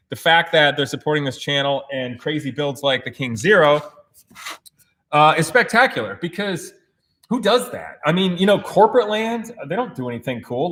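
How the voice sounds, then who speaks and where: An American man hosts a casual livestream Q&A from his race shop, his voice sitting a touch higher than most men's. He talks in an energetic, excitable way and breaks into laughter often. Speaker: host.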